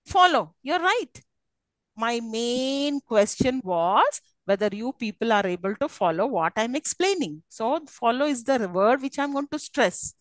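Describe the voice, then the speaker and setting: A woman's voice: on the high side, expressive, measured pace, no echo, low-quality recording. A woman giving a university English lecture, often checking that her students follow. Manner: teacherly, checks understanding often. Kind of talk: classroom lecture.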